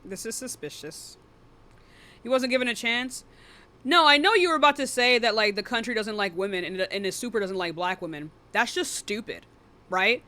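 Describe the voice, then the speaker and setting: A woman hosting a live online debate stream, blunt and profane, quick to cut people off. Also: fairly high pitch, bright, forceful tone.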